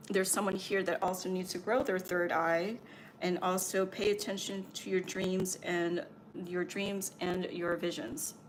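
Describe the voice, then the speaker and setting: Lower-voiced woman channeling spiritual messages. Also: slight background noise. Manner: meandering, filler-heavy, reassuring. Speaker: spiritual medium and Reiki healer.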